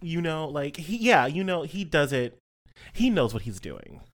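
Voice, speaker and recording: A man co-hosting a tabletop role-playing podcast in casual, animated chat with gossipy asides. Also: on the high side, a little slow. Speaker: podcast co-host and player.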